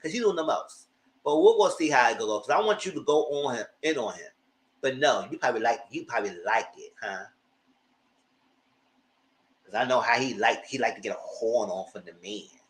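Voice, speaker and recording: A man's voice: medium pitch, animated, brisk, pauses often. A man giving a casual live review of a reality TV show, retelling scenes with exasperation and cursing.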